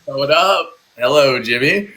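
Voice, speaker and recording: A man's voice: mid-range voice, lively intonation, a little slow, sharp tone, a little hiss or hum. A man joining a casual phone live stream as a guest, laid-back and playful. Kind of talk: casual chat. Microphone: phone livestream.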